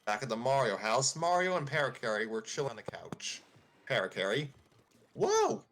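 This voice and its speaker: A man's voice: mid-range voice, lively intonation, a little fast, a bit bright. A man hosting a live stream, narrating a comedic story in a chatty manner.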